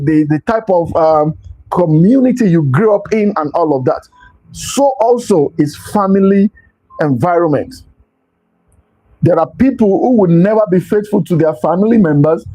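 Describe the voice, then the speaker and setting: A man's voice: high voice, mellow, breathy edge, poor audio. A man giving a motivational talk as host, stressing points by repeating them. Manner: emphatic, repeats key phrases.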